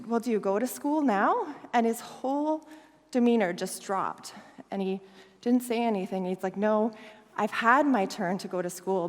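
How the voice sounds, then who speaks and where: A woman guest speaker telling a lively story, laughing often and acting out the voices of the people in it. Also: a little high. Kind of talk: storytelling talk. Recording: long hall reverb.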